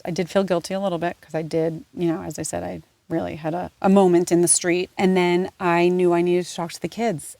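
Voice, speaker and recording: A woman's voice: fairly low pitch, darkish tone, dry recording. A woman in her forties hosting her own podcast, talking candidly and earnestly, rambling with fillers and swearing freely. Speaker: podcast host.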